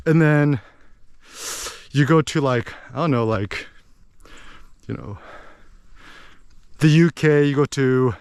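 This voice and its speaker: A man giving a rambling, animated casual monologue as a podcast host. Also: mid-range voice, smooth, no room sound, studio quality. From United States. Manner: animated, rambling, with many fillers.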